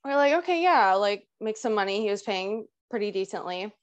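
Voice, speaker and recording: Young woman rambling through a funny story, lots of "like", mid pitch. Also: a little fast, clear, resonant tone, dull audio. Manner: animated, lots of "like" and laughs, acts out quotes. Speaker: guest musician. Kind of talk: casual storytelling.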